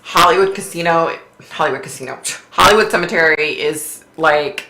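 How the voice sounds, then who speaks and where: A woman's voice: low-pitched, moderate pace, pushed and bright, echoey room. A woman who is a psychic medium, hosting a casual livestream chat, chatty and laughing often as she reads comments aloud.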